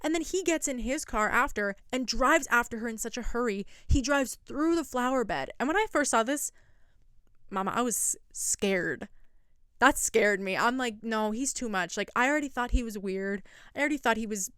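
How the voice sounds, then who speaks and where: A woman's voice: on the high side, animated, moderate pace, a bit bright, smooth, dry recording, clean studio sound. A young woman recapping a reality show in casual, sarcastic commentary. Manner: chatty and sarcastic, quotes people in mock voices. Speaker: recap vlogger.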